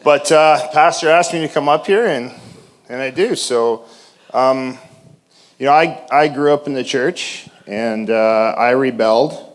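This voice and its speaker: A man stands before a church congregation to give a personal testimony. He is shy and halting, restarts his sentences often and fills the gaps with ums and uhs. His voice sits at an ordinary middle pitch. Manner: hesitant, halting, many restarts and fillers; self-described shy. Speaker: church member giving testimony.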